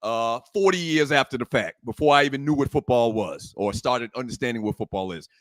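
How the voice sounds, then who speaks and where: A man's voice: mid-range voice, animated, a little fast, no room sound. A man co-hosting a sports talk podcast, casually ribbing his brother and laughing often. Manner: teasing, playful, laughs often. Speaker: podcast co-host.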